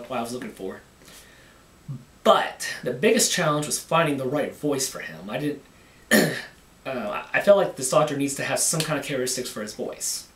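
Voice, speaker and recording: A man casually talking about making his own film, halting and often repeating words as he restarts. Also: medium pitch, a bit bright. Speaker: amateur filmmaker. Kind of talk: casual behind-the-scenes talk. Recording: echoey room, mic at a distance.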